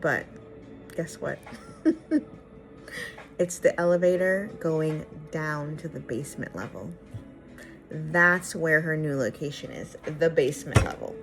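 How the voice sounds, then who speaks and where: A young woman tells a personal story straight to camera, acting out each line of dialogue with exasperated asides. Her voice sits on the low side for a woman. Faint music plays softly behind her. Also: slow pace, pauses often. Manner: animated, acts out the dialogue. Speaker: vlogger.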